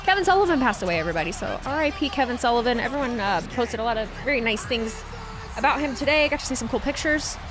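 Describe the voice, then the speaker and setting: A woman's voice: on the high side, lively intonation, quick pace, music in the background. A young woman chatting casually on a live stream, sarcastic and talkative, reading chat messages aloud.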